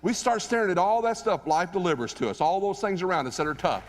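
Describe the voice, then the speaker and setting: Animated male speaker in a reverberant hall. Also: sits high, quick pace, faint music behind. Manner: animated, conversational, asks the audience questions. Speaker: motivational keynote speaker. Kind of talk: live motivational speech with storytelling. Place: stage in a large hall.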